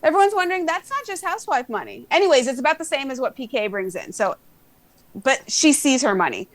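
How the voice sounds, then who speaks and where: A woman's voice: high voice, big pitch swings, fast, dry recording. A woman co-hosting a podcast, chatting in an opinionated, gossipy way. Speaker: podcast co-host. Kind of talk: casual chat.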